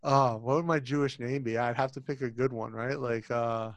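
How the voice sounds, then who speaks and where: A man's voice: medium pitch, fairly even intonation, normal speed, dry recording. A man co-hosting a podcast in casual chat, easygoing and a bit hesitant, often laughing along. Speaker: podcast co-host.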